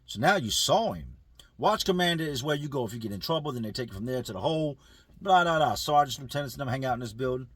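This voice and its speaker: A man telling a prison story in casual street slang, lively and full of acted quotes. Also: mid-range voice, fast talker, slightly rough, no room sound. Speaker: storyteller recounting prison life.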